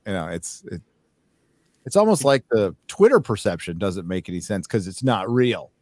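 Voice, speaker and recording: A man's voice: on the low side, big pitch swings, moderate pace, a little mellow, dry recording, clean studio sound. A man on a casual chat panel, giving blunt, offhand opinions. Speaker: panel guest.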